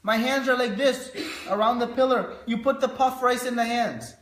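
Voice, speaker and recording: A starving poor man pleads in a high, strained voice, as a man acts him out in a lecture. He insists again and again. The sound carries a roomy echo. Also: normal speed, a bit bright, a little hiss or hum. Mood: desperate. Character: starving desperate poor man clinging to a pillar.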